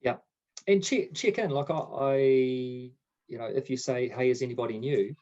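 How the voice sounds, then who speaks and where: A man telling stories in an easy podcast chat, slipping into animated quoted dialogue. His voice is mid-pitched and comes through a little dull and lo-fi. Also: normal speed. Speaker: podcast co-host. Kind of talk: casual chat, storytelling.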